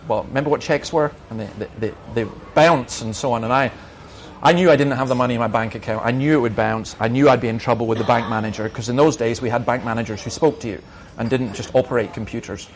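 A man's voice: mid-range voice, fairly quick, a little hiss or hum. A middle-aged man, a minister, answering questions in an emphatic, argumentative way and telling anecdotes.

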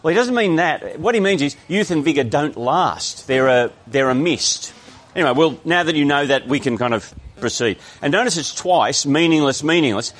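A man's voice: on the high side, expressive, moderate pace, a bit bright. A man with an Australian accent preaching a sermon, explaining a text in a conversational way with frequent restarts.

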